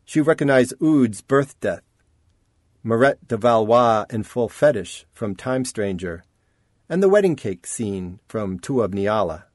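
Expressive male audiobook narrator, dry sound. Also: lowish voice, dry recording. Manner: measured, expressive storytelling. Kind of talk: scripted narration.

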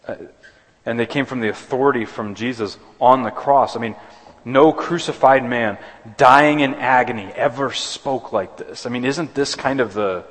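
A man's voice: medium pitch, fairly bright tone. A man preaching a sermon as pastor, earnest, often restarting and repeating words. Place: church sanctuary. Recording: long hall reverb.

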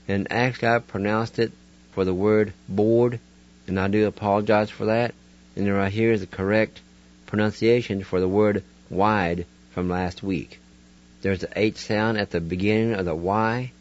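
A man's voice: lowish voice, dull audio. A man teaching a radio vocabulary lesson, spelling words letter by letter and sounding them out syllable by syllable. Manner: patient, deliberate, syllable by syllable. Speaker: language teacher on a radio segment.

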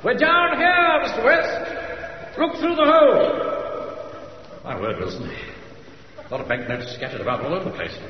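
An actor playing a pompous, officious middle-aged bank manager in a radio comedy, recorded with a muffled sound and background hiss. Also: male voice, mid-range voice, expressive, fast talker, long pauses, roomy sound, long reverb tail, close to an everyday voice. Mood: alarmed. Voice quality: pompous, blustering. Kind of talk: 1970s radio comedy acting.

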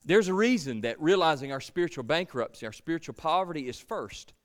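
A man's voice: on the high side, lively intonation, brisk. A man preaching a sermon as pastor, earnest, with repeated words and a voice that swells and falls away.

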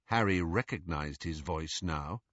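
A man narrating an audiobook in an expressive, animated reading style. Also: sits low, unhurried, no room sound, muffled recording. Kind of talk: scripted narration.

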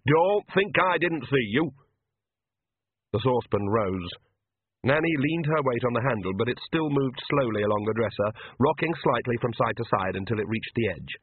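A man narrates a story with a lively, rising and falling pitch and a husky texture. The sound is dry and thin, like a phone line. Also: fairly quick, dry recording. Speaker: audiobook narrator. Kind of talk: scripted narration.

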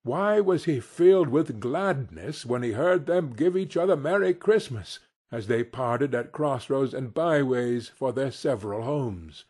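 A man reading a classic tale aloud with a slightly husky voice. He takes his time and lets his pitch roam widely to color the story. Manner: expressive, unhurried storytelling. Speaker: audiobook narrator. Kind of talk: scripted narration.

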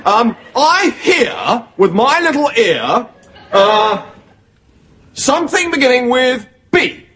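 A jolly naive young lieutenant. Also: male voice, very high voice, very animated, slow, fairly bright tone, exaggerated voice. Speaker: army lieutenant. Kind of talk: studio sitcom acting. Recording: hissy TV recording with noise. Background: studio audience laughter.

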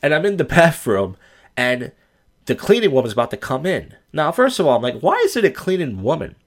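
Lively crude-talking man. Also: on the high side, a little fast. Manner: crude, rambling, self-deprecating storytelling. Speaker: podcast host. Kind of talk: casual comedic monologue.

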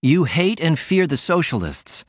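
A man's voice: fairly high pitch, sing-song, unhurried, no room sound, clean studio sound, voice pushed up. A man reading an audiobook, voicing a defiant young working-class man who argues pointedly. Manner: pointed, argumentative.

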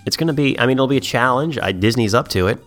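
A man co-hosting a casual chat, rambling excitably and swearing freely. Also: mid-range voice, fast, faint music behind. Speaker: podcast co-host.

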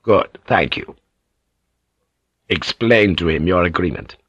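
A man voicing a shrewd, commanding male feudal lord in an audiobook, measured and cunning. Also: deep voice, lively intonation, a bit bright, breathy edge, dry recording, highs cut off, heavily acted.

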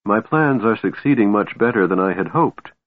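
A man voicing a cold, scheming female warlord who speaks coolly and smoothly. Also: lowish voice, lively intonation, moderate pace, no room sound. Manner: cool, cutting, smooth. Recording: narrow phone-like sound, dry.

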